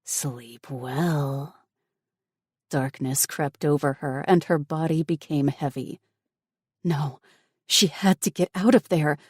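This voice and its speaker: A woman narrating an audiobook in steady, even scripted narration. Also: low-pitched, unhurried, dry recording, studio quality.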